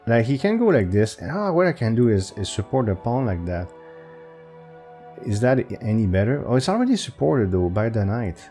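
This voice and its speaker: A chess video creator talks himself through puzzles for his channel, hesitant and constantly restarting, his pitch jumping around. His voice is mellow and sing-song at a moderate pace, with soft music playing behind him.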